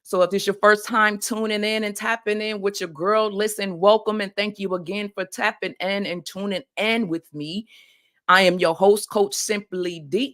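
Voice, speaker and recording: A woman's voice: mid-range voice, fairly even intonation, moderate pace, fairly bright tone. A woman hosting a faith-based motivational podcast, talking in a preacherly call-and-response way and often calling out "y'all". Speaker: podcast host and life coach.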